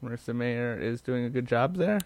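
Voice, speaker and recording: A man's voice: medium pitch, fairly quick, darkish tone, soft background music. A man co-hosting a podcast, chatting casually about tech news and often trailing off mid-thought. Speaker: podcast co-host.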